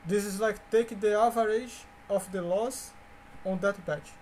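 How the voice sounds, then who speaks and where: A man whose first language is Portuguese, teaching a coding lecture in a halting way, with fillers, restarts and repeated words. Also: high-pitched, fairly even intonation, a little mellow, a little hiss or hum. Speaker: course instructor.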